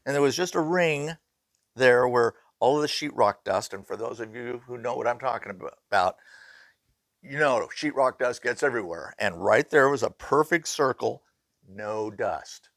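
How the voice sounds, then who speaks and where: Gravelly man telling ghost stories. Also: mid-range voice, moderate pace, no echo, studio quality. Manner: animated, acts out quoted voices. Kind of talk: casual storytelling.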